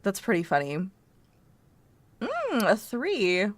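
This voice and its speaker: A woman's voice: mid-range voice, huge pitch swings, slow pace, dry recording. A woman streaming a video game, chatting playfully with viewers and giggling often. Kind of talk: casual gameplay commentary.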